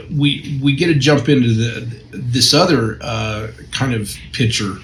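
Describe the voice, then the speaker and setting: A man's voice: mid-range voice, poor audio. Reflective man reading and commenting. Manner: reflective, reads passages then comments. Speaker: recovery counselor and podcast co-host. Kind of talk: casual discussion with reading aloud.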